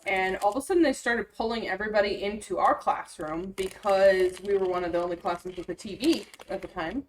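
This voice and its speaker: A woman's voice: medium pitch, a little fast. Laid-back woman in her 30s chatting on a podcast, faint noise behind her. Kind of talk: casual chat.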